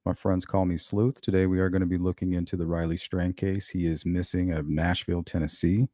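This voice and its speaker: Low, mellow man hosting a livestream. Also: level tone, brisk, no room sound, studio quality. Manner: musing, speculative, greets chat viewers. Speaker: host of a true-crime livestream. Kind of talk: casual live commentary.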